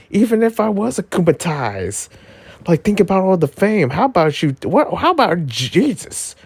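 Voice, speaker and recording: A man giving a casual episode review, excitable and rambling, full of filler words and jokes. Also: moderate pace, creaky, husky, dry recording. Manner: jokey, yelps into high pitch.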